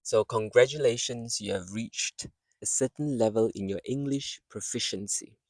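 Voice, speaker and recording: A man's voice: medium pitch, normal speed, creaky, dry recording. A man teaching English pronunciation outdoors among trees, patiently repeating words to demonstrate sounds. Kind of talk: pronunciation lesson.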